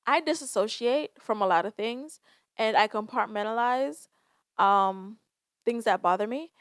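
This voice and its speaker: A woman's voice: on the high side, unhurried, clear, resonant tone, no room sound, clean studio sound. Sighing woman podcasting. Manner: emotional, sighing, swearing, candid. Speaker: podcast host. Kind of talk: casual solo podcast talk.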